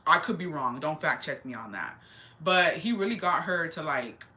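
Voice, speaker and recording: Animated young woman, bright slangy chat. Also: sits low, normal speed. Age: 20s. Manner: slangy, mixes Spanish words, animated storytelling. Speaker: livestreamer. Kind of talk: casual chat.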